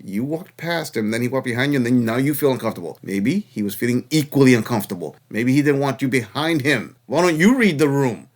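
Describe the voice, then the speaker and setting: A man delivering reaction commentary with a sarcastic, mocking edge. He lectures in a mid-pitched, ordinary male voice, scolding rather than chatting. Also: lively intonation, fairly quick, few pauses. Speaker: channel host reacting to clips.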